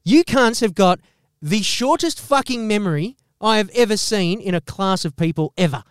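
An Australian man hosting a podcast, delivering a profane, animated comedic rant and swearing constantly. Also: sits high, normal speed, clean tone, no echo, clean studio sound. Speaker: podcast host.

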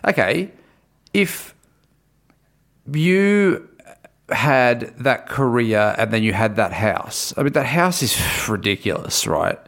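Aussie guy cohost, animated voice, laid back, laughs a lot. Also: medium pitch, vocal fry. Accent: Australian. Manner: relaxed, quick to laugh, chips in with short replies. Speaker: podcast co-host. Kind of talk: casual chat.

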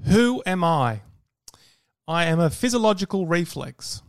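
A teasing male podcast co-host with a slightly high voice. He's recorded dry and close. He quizzes his partner and then explains things in a relaxed way. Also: unhurried, no echo.

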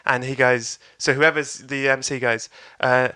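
A man, telling a lively sweary story in casual chat. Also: mid-range voice, a little slow, hardly any pauses, clean tone. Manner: animated, swears, acts out crowd voices. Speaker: comedian guest.

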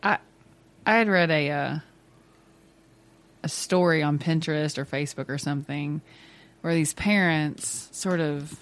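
A mother chatting casually about her family, talkative and quick to laugh. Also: low voice. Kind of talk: casual chat.

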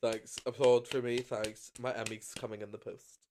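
A man's voice: mid-range voice, little pitch movement, moderate pace, noisy background. A young man co-hosting a casual podcast, playful and camp, laughing often. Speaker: podcast co-host. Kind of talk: casual chat. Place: indoor room with co-host.

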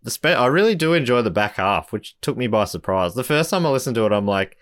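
A man's voice: medium pitch, lively intonation, fast, a bit bright, no room sound, clean studio sound. A man co-hosting a casual album podcast, easygoing and thinking aloud as he talks. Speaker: podcast co-host. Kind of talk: casual chat about albums.

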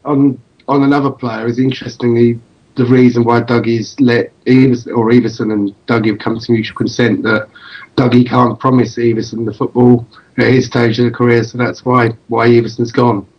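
A man's voice: medium pitch, level tone, a little fast. Inquisitive man on a dull lo-fi mic. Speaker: podcast co-host. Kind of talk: casual fan podcast chat.

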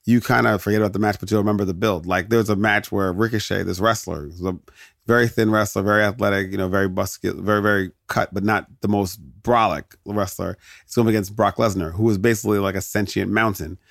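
A man's voice: fairly low pitch, fairly even intonation, fast, vocal fry, fairly bright tone, dry recording, clean studio sound. A man hosting a podcast, chatting casually and digressing into jokes, laughing often. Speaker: podcast host. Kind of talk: casual rambling commentary.

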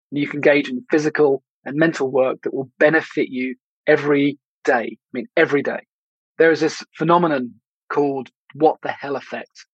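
A man's voice: medium pitch, husky, no room sound. A man hosting a podcast, talking alone in a reflective, conversational way with some restarts. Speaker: podcast host. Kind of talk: solo podcast monologue. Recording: dull lo-fi dry recording.

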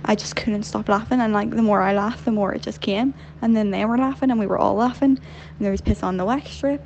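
Northern Irish woman with gravelly voice. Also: mid-range voice, darkish tone, a little hiss or hum, rough recording. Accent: Northern Irish, softened by London. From Northern Ireland. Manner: chatty, giggly, candid. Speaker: caller. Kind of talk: voicemail storytelling.

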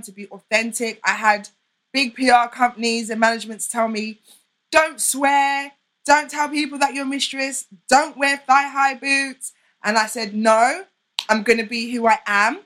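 A bright, fairly high-voiced young woman speaks as a podcast guest. She talks in an open, heartfelt and emphatic way. She gives candid answers in conversation.

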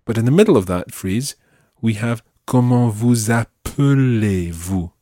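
A man teaching a French lesson, slowly modelling phrases for the listener to repeat. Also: mid-range voice, expressive, mellow, dry recording, clean studio sound. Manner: slow, carefully enunciated model phrases. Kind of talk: language lesson.

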